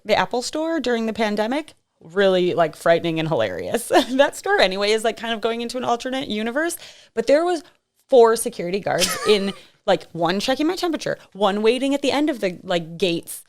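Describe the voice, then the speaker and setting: A woman's voice: medium pitch, fairly quick. A young woman co-hosting a podcast, chatting casually and laughing often as she tells a story. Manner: giggly, chatty, animated storyteller. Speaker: podcast co-host. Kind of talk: casual chat.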